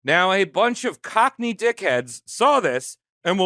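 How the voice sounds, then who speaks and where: A man's voice: high-pitched, very animated, a little slow, hardly any pauses, sharp tone, no room sound, clean studio sound. A man on a comedy podcast telling history in a jokey, slangy way, acting out quotes. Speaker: podcast host.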